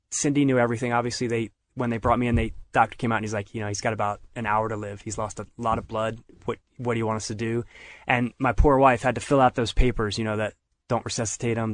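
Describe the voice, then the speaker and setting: A middle-aged man telling a story in casual conversation, acting out what other people said. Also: fairly low pitch. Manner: animated retelling, acts out others' lines. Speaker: podcast guest.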